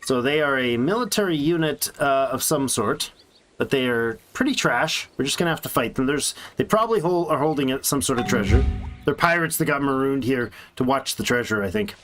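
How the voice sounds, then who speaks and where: A man's voice: mid-range voice, expressive, brisk, music in the background. A man casually commenting on his strategy game as he plays, chatty and thinking aloud with little jokes to himself. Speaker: let's play streamer.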